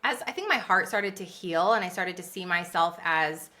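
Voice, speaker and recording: A woman guest on a podcast, a business coach, telling her story in a lively conversational way and acting out what people said. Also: on the low side, normal speed. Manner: animated, laughs often, acts out quotes.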